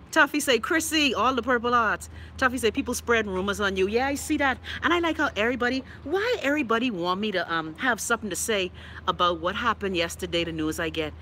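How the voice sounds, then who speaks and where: Reading out viewer comments during a casual live stream, a woman from the Bahamas is sassy, outspoken and profane, with frequent laughter and a Bahamian accent. Her medium-pitched voice is expressive, brisk, bright and forceful, with a little hiss or hum.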